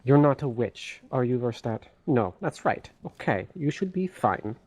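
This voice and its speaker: A man's voice: mid-range voice, animated, a little slow, darkish tone, dry recording. A man playing a tabletop game, making dry wisecracks. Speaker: player.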